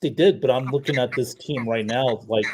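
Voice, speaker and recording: A man's voice: medium pitch, moderate pace, background noise. A man co-hosting a casual sports talk show who keeps repeating his point and quotes records.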